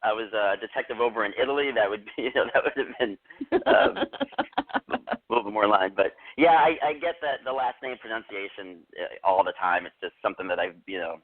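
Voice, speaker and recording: A man's voice: lowish voice, animated, fast talker. A man in his forties, a guest author, telling anecdotes in casual interview chat on a phone headset with a tinny sound. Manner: chatty, anecdotal. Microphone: Bluetooth headset on a phone call.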